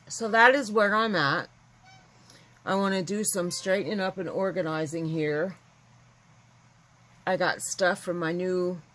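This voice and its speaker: A woman's voice: fairly low pitch, a bit bright, rough recording. A woman chatting casually to her viewers, rambling and candid. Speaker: vlogger. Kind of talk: casual chat to camera.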